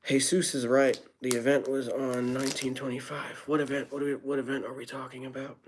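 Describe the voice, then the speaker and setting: A man's voice: medium pitch, flat delivery, fairly quick, slight background noise. A young man talking casually on his live stream, reading viewer comments aloud and answering them with wry, rambling, self-deprecating asides. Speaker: livestreamer.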